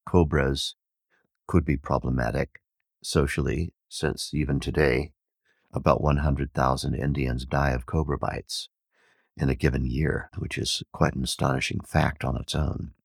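Man, very low voice, gravelly, dry close sound, storytelling teacher. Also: normal speed, dry recording. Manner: animated storyteller, acts out villagers' shouts. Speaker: podcast host and teacher. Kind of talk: storytelling talk on Vedic wisdom.

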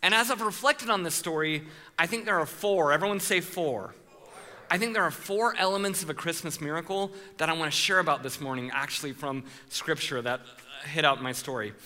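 A man preaching a sermon, telling a story with animated voices for the people in it and calling out to the congregation. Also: fairly high pitch, a little fast, big-room sound. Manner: playful with the congregation, calls for responses. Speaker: pastor.

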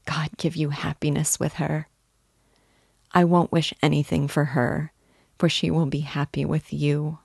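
A woman reading the lines of a timid, earnest young girl who speaks softly and hesitantly. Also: low voice, creaky, no room sound, studio quality, exaggerated voice. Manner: soft, hesitant, heartfelt.

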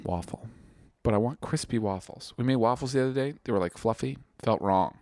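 A man co-hosting a casual remote podcast, goofy and quick to joke around. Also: mid-range voice, warm tone, no echo, studio quality. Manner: goofy, silly, jumps into bits. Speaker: podcast co-host.

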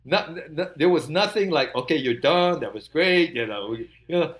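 An older man, a musician guest, telling an animated story, laughing often and acting out the quotes. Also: a little high, normal speed.

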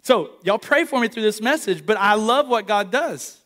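Male pastor, late 30s, high-pitched, animated sermon storyteller, slightly breathless. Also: moderate pace. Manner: storytelling, animated, calls for congregation response. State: short of breath from injured ribs. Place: church, live service.

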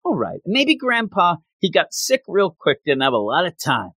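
A man co-hosting a podcast and telling a casual, joking recap of a cartoon episode like an animated storyteller. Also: high-pitched, moderate pace, husky, no room sound. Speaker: podcast co-host.

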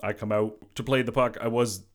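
A man's voice: lowish voice, steady tone, fairly quick. A man hosting a casual solo sports podcast, a former goalie who rambles and fills his talk with "you know". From Boston area. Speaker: podcast host.

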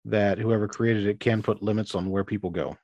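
A low-pitched man acts as game master for a tabletop role-playing session, often stopping and restarting his sentences as he describes the scene. His voice sounds close and dry, with little room around it. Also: fairly even intonation, a little mellow, no room sound, lo-fi sound. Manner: halting, restarts phrases while describing scenes.

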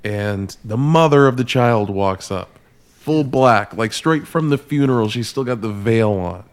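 A man's voice: medium pitch, expressive, a little slow. A man hosting a podcast, casually and profanely retelling movie scenes. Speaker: podcast host.

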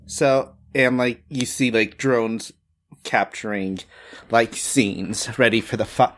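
A man's voice: medium pitch, slow, fairly bright tone. Laid-back male game master. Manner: casual, playful narration. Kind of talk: narrating a tabletop game.

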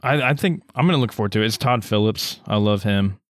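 A man's voice: fairly low pitch, expressive, fast, no echo, clean studio sound. A man co-hosting a podcast in casual chat, hesitant and often repeating words. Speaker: podcast co-host.

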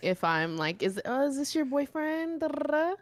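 A woman's voice: high voice, very animated, moderate pace. A woman from Kentucky, a streamer guest on a podcast, reacting in a blunt, joking way. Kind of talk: casual chat.

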